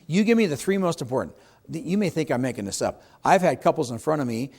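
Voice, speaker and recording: Middle-aged male trainer, fairly high voice, emphatic seminar delivery to a live room. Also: lively intonation, fast, gravelly, darkish tone, slightly rough. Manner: emphatic, asks the audience questions, acts out client quotes. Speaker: real estate sales trainer. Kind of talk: seminar talk to a live audience.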